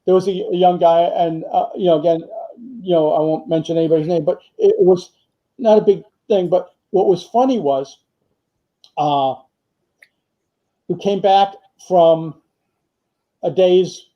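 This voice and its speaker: An older man with a fairly high voice tells rambling stories from his working years, his talk packed with fillers and quoted lines. The recording is muffled and lo-fi. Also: steady tone, unhurried, long pauses. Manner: rambling anecdotes with many fillers and quoted dialogue. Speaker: retired firefighter and author, guest. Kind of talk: storytelling in a casual interview. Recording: muffled lo-fi audio.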